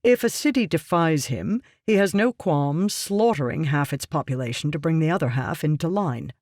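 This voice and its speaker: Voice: mid-range voice, moderate pace, a little mellow, no echo, studio quality, close to an everyday voice. An audiobook reader voicing a ruthless, scheming merchant man who talks down to others in a curt, lecturing way. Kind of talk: audiobook character reading.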